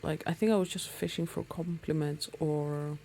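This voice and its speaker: A woman's voice: deep voice, fairly even intonation, normal speed, mellow, slight background noise. A woman talking casually to her viewers while out on a motorbike ride, chatty and rambling with many ums. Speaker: motorcycle vlogger. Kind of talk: casual talk to camera while riding.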